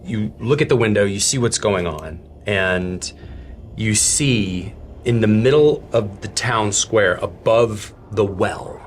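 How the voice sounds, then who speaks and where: A man narrating a tabletop game as game master, telling the story dramatically with halting restarts. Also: lowish voice, a little hiss or hum.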